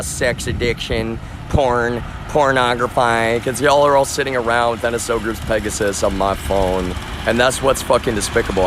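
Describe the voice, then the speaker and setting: A male streamer chats live from outdoors, his voice sitting at an ordinary middle pitch. He rambles in an agitated way, swears freely, and keeps calling out to his viewers. Faint outdoor noise stays behind him. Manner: agitated, rambling, profane, addresses viewers as y'all. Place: outdoors in a front yard.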